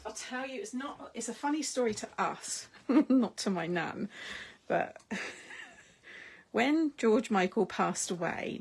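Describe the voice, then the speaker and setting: A middle-aged woman chats away to her viewers while she crafts. Her voice is gravelly and a little husky. She rambles, laughs often and lets sentences trail off. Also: mid-range voice. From United Kingdom. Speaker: craft live-stream host. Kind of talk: casual chat while crafting, replying to viewer comments.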